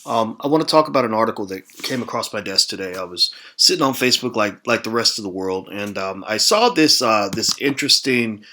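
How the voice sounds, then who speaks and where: Bright-voiced American man talking, many fillers. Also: fairly low pitch, animated, a little fast, few pauses, slight background noise. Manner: rambling with many fillers and restarts. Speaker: host. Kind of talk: casual talk to camera.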